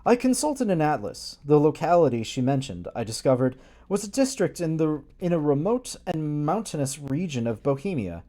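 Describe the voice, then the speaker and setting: A man reading a gothic novella aloud on a livestream, his fairly high voice rising and falling in wide swings. The tone is mellow and dark. He reads with playful energy and often breaks off for cheeky asides. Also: very animated, moderate pace. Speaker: reader streaming a book reading.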